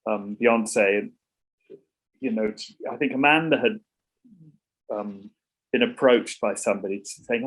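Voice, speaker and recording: Husky man, rambling chat. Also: lowish voice, a little slow, pauses often, rough recording. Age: middle-aged. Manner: rambling, many restarts and repeats. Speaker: songwriter guest. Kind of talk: casual interview chat.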